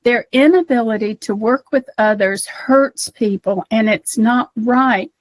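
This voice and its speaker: A woman's voice: fairly high pitch, unhurried, no room sound. Emotional American woman co-hosting a podcast. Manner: emotional, near tears. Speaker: podcast co-host. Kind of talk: casual political chat.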